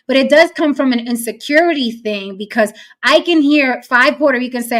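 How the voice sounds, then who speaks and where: A woman with a high voice hosts a casual panel discussion, speaking a little fast. She's animated and emphatic, doing the voices of the people she quotes.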